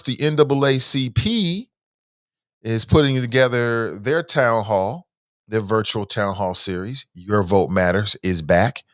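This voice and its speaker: Man, morning show host, mid-range voice, dry close sound, animated, preachy, slangy. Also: medium pitch, dry recording.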